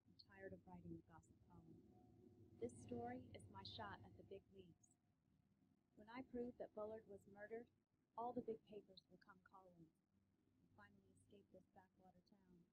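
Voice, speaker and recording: A woman's voice: mid-range voice, moderate pace, noisy background, natural voice. An actress voicing an ambitious young female reporter, earnest and determined to break a big story.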